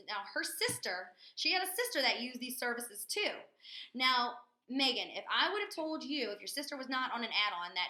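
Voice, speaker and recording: A woman giving a chatty, energetic sales training webinar from a corporate office, with plenty of fillers. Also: medium pitch. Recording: echoey room.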